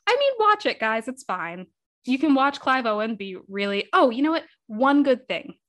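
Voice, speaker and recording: Woman podcast co-host, casual, profane, lively film banter. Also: high-pitched, normal speed. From United States. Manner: profane, animated, jokey.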